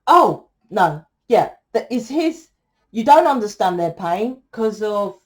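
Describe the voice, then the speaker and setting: A woman's voice: medium pitch, big pitch swings, slow. A woman giving a casual tarot reading, blunt and lecturing, swearing freely as she talks to her viewers. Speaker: tarot reader.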